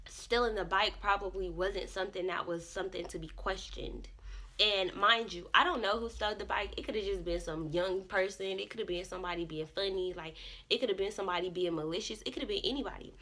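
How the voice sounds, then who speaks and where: Animated, profane young woman vlogger. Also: medium pitch. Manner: animated, profane, swings into loud self-talk. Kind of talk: casual storytime.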